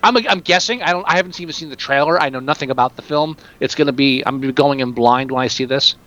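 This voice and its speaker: A man's voice: medium pitch, fast talker, a bit bright, lo-fi sound. A man co-hosting a casual film chat podcast, wry and teasing. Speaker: podcast co-host.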